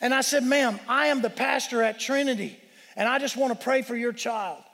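A man preaching a sermon as pastor, telling a story with emphatic shouted peaks. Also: very high voice, moderate pace, creaky. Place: church sanctuary. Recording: long reverb of a church hall.

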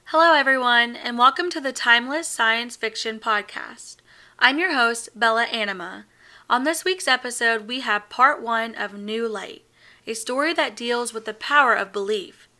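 Bright-voiced woman podcast host. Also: on the high side, moderate pace. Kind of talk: scripted podcast intro.

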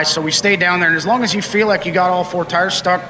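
Fast-talking race driver after a win. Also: male voice, high voice, fairly even intonation, sharp tone, long reverb tail, a little hiss or hum, low-quality recording. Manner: rapid, rambling, full of fillers. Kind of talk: post-race victory interview. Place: outdoor racetrack.

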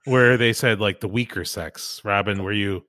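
A man's voice: fairly low pitch, moderate pace, pushed and bright. A man hosting a casual podcast, cheerfully quizzing his guests. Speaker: podcast host. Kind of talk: casual chat.

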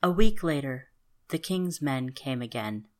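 A woman calmly narrating a fairy tale in an even storybook manner. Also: rumbling low, measured pace.

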